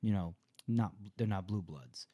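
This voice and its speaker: A man co-hosting a casual book-discussion podcast, talking in an animated way with laughing asides. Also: low-pitched, measured pace, no room sound, studio quality. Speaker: podcast co-host.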